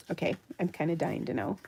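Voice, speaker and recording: An upbeat woman crafter demonstrates a card step by step in her home craft room, her voice pitched a little low. She chats freely and laughs easily while she works. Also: creaky, warm tone, a little hiss or hum. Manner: chatty, upbeat, laughs often. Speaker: card-making tutorial host.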